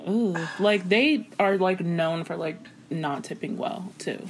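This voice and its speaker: A woman's voice: on the low side, slow, a little hiss or hum, poor audio. A woman chatting casually, blunt and indignant with frequent swearing. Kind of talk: casual gossip chat.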